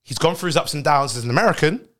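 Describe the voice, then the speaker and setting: A British man hosting a podcast, chatting casually in a rowdy, high-energy way and laughing often. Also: lively intonation, very fast, bright, forceful tone. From United Kingdom. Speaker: podcast host.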